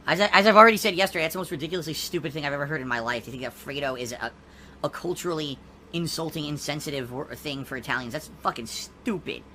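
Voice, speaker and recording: A man's voice: fairly high pitch, pushed and bright, a little hiss or hum. A male streamer from Connecticut, talking defensively to his viewers. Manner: talks quickly and defensively.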